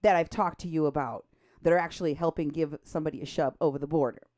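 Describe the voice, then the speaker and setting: A woman co-hosting a political talk show, animated and indignant, her voice jumping up when she is outraged. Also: low-pitched, fast. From Mexico. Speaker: co-host.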